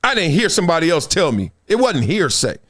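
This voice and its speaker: Lively, high-voiced male podcast host. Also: brisk. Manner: preachy, dramatic, acts out quotes. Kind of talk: animated commentary.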